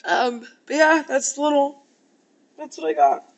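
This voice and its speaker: A young woman in her twenties with a high voice, crying as she talks. She rambles emotionally and swears freely. She records herself in a hotel parking lot. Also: sing-song, unhurried. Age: 20s. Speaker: podcast host. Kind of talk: tearful personal vlog confession.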